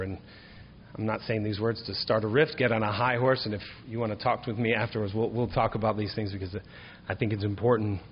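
A man preaching a sermon, building from steady explanation to emphatic, higher-pitched appeals on key points. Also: long reverb tail, muffled recording, slight background noise. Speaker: pastor.

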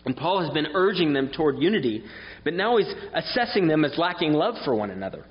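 A man's voice: on the high side, very animated, quick pace. Male preacher, earnest and explanatory sermon delivery, recorded dull and reverberant in a hall.

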